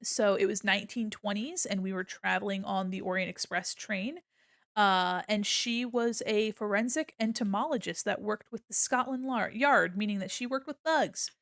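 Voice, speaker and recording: A woman's voice: mid-range voice, moderate pace, fairly bright tone, no room sound, clean studio sound. A young woman streaming as she draws, chatting casually in a playful manner, laughing often and swearing freely. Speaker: streamer and illustrator. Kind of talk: casual chat while drawing on stream.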